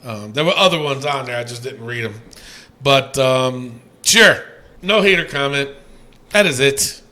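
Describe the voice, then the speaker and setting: Man, podcast co-host, bright voice, very lively pitch, casual and profane. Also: measured pace. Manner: loose and profane, swings from mumbling to yelling. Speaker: podcast co-host reading listener ratings.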